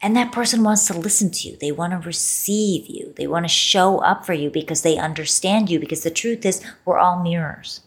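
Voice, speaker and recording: A woman's voice: fairly low pitch, brisk, hardly any pauses. A woman hosting a solo podcast, talking expressively and playfully and drawing out words for emphasis. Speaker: podcast host.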